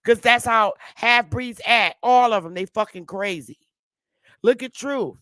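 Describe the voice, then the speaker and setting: Brash woman with a bright, dry voice. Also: on the high side, unhurried, no room sound. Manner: brash, loud and blunt. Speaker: livestream host. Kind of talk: ranting live-stream commentary.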